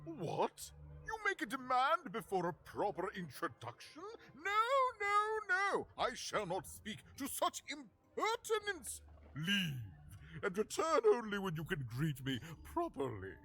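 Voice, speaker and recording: An actor playing a pompous, fussy noble duke who speaks haughtily and theatrically, with a husky voice. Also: male voice, high-pitched, wildly swooping pitch, measured pace, fairly bright tone, full character voice. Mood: haughty.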